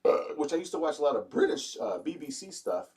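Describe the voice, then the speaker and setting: A man's voice: a little high, fast talker, a little mellow, recorded from a distance. A man co-hosting a casual live-stream chat, joking around and putting on mock accents. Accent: Ohio. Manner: playful, jokey, slips into mock accents. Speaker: co-host.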